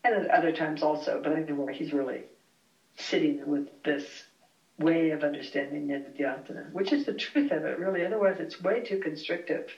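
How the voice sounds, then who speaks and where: Reflective teacher leading a small home class, unhurried and searching for words, with the mic across an echoey room. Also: medium pitch. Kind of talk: relaxed classroom explanation. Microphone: far from the speaker. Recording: roomy, distant, dull home recording.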